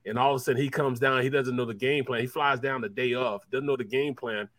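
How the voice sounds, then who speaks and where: A former football player co-hosting a sports talk show tells long, rambling stories, repeating himself a lot. His medium-pitched, slightly bright voice moves quickly with fairly even intonation, and there's no room sound.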